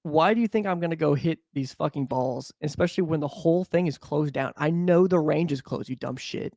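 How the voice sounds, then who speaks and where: A man's voice: fairly high pitch, brisk, creaky, no room sound. A man co-hosting a podcast in casual chat, telling stories with lots of swearing and acting out the people in them. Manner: profane, animated storyteller, mimics people. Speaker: podcast co-host.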